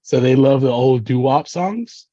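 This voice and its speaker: Mellow, laid-back man from Texas. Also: medium pitch, animated, unhurried, dry recording. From Dallas, Texas. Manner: laid-back, rambling, laughs at own stories. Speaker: guest. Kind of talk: casual storytelling chat. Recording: slightly dull, lo-fi podcast audio.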